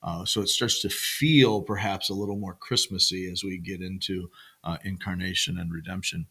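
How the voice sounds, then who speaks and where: Man, pastor, casual podcast chat, rambling, low pitch, gravelly. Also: fairly even intonation, normal speed, sharp tone. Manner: rambling, many fillers and restarts. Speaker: pastor co-hosting a church podcast. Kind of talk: casual chat about sermon themes.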